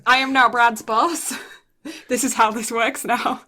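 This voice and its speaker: Playful, slow-talking woman podcaster. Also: a little high, flat delivery, sharp tone. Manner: playful, does voices and sings snippets. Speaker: podcast co-host. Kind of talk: casual chat.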